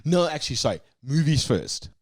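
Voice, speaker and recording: A man co-hosting a podcast, chatty and animated, restarting his sentences as he thinks aloud. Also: on the high side, brisk, no echo, studio quality. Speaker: podcast co-host. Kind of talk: casual banter.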